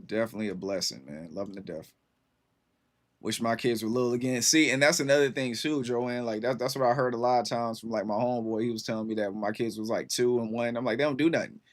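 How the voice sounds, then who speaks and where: Stream host, thirties man, easygoing and slangy, average pitch, chatty. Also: fast talker. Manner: laid-back, rambling, lots of fillers and slang. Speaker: livestream host. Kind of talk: casual chat with viewers.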